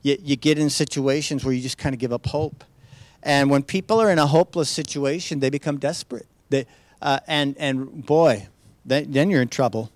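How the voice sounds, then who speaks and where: A man's voice: mid-range voice, fairly even intonation, moderate pace, dry recording. A man giving a sermon as a pastor, earnest and conversational, often restarting and asking rhetorical questions. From United States.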